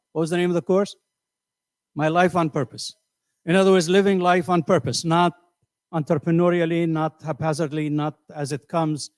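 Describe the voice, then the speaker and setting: A man's voice: on the high side, no echo. A middle-aged man teaching a class, asking his students questions and often repeating words as he thinks. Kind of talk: classroom lecture.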